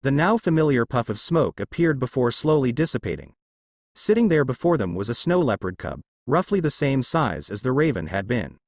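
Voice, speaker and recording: A man narrating a fan fiction story in a steady storytelling read. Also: mid-range voice, moderate pace, no echo, clean studio sound.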